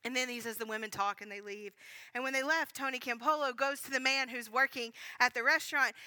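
A woman preacher giving a sermon, telling a story in an animated, earnest way with frequent restarts. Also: sits high, fairly quick, no room sound, poor audio.

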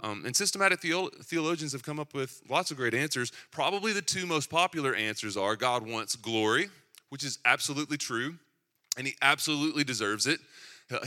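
Bright-voiced Tennessee preacher telling a story. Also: male voice, mid-range voice, lively intonation, fairly quick. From Southeastern United States. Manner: storytelling, self-deprecating humor, conversational. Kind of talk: sermon with personal story.

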